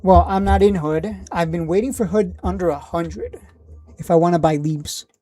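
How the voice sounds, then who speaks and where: A man's voice: high-pitched, moderate pace, dark tone. A man hosting a casual stock market livestream, reading out viewer questions and giving blunt, joking opinions. He laughs often, trails off and restarts.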